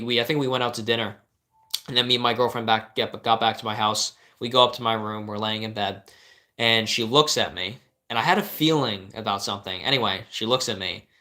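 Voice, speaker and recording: Young male life coach, bright tone, earnest, rambling with restarts, casual live advice. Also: medium pitch. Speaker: life coach answering live viewer questions.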